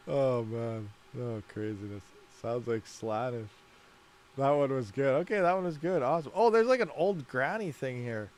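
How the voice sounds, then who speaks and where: A man's voice: mid-range voice, unhurried, pauses often, a little mellow. A man hosting a livestream, rambling casually, laughing a lot and muttering while he fiddles with settings. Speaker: mining livestream host.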